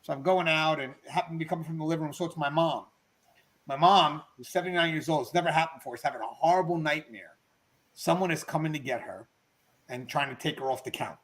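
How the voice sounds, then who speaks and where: A middle-aged man hosting a livestreamed talk show, chatting casually and telling a story to his viewers in an animated way. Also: a little high, fast talker. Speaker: podcast host. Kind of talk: casual storytelling to a live chat.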